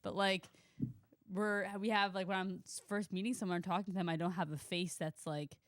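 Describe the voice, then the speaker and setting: A woman's voice: fairly low pitch, level tone, a little fast, dry recording, studio quality. A woman chatting casually on a podcast, laughing as she talks. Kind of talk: casual chat.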